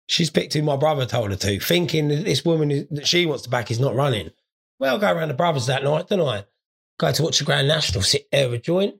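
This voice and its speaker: A stoned man hosts his podcast in a loose, rambling monologue, swearing freely as he tells his stories. His voice sits a little high, with a gravelly, husky rasp. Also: fairly bright tone. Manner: crude, sweary, rambling storyteller. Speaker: podcast host. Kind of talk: casual comedic monologue.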